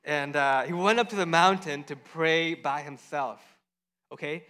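A man teaching children a Bible story, lively and full of questions to the kids, acting out the voices as he goes. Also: a little high, moderate pace. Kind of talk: animated Bible story lesson.

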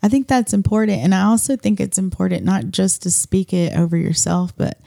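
A woman's voice: mid-range voice, brisk, gravelly, warm tone, no echo, clean studio sound. A woman co-hosting a casual faith discussion, chatty and affirming, laughing easily. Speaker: co-host of a church talk show.

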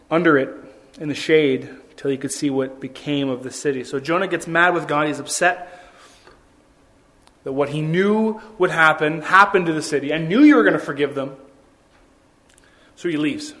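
A man's voice: on the high side, fairly bright tone. A man preaching a sermon as a pastor, in a conversational way with many rhetorical questions.

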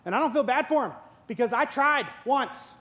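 A man's voice: very high-pitched, lively intonation, normal speed, fairly bright tone. A male pastor preaching a sermon, mixing playful storytelling and acted-out dialogue with earnest, reflective teaching.

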